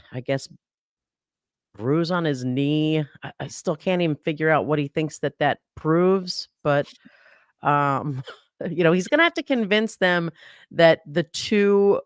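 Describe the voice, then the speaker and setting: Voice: mid-range voice, smooth, dry recording, clean studio sound. A guest commentator analyzing a trial in casual podcast talk, who often restarts sentences and laughs in disbelief.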